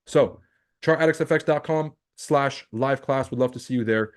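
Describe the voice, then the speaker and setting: A man from Lebanon coaching viewers on a livestream. He talks bluntly and animatedly, swears freely and keeps firing rhetorical questions at the audience. His voice sits at an ordinary middle pitch. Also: normal speed. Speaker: trading coach and livestream host.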